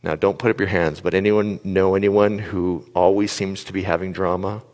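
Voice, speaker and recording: A man giving a live talk to an audience, telling stories in an animated way and asking the crowd questions. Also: low voice, moderate pace, long reverb tail. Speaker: speaker addressing an audience.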